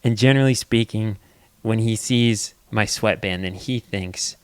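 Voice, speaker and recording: A young man co-hosting a podcast in casual chat, telling stories in an animated way. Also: lowish voice, measured pace, clean tone, no room sound. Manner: animated storytelling with big quoted voices. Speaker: podcast co-host.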